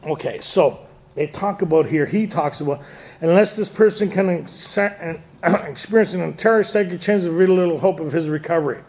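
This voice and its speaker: A man's voice: fairly high pitch, normal speed, darkish tone. A man speaking to a recovery group, telling his story with laughs and acted-out quotes.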